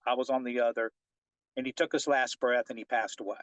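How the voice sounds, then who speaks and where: A middle-aged fishing guide telling a personal story in an interview, animated and often checking in with "right?". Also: male voice, medium pitch, fairly quick, no room sound, poor audio. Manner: animated storyteller who keeps asking "right?".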